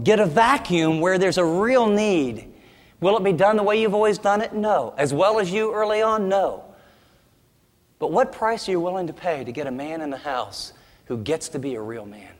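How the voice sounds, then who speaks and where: A man's voice: on the high side, big-room sound. A man preaching a sermon as pastor, emphatic and with humorous asides.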